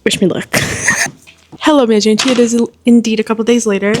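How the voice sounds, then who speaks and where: A woman book vlogger chatting at home in an animated, exclamatory way, swearing freely as she reacts. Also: fairly high pitch, a little fast, background noise. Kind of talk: casual reading vlog.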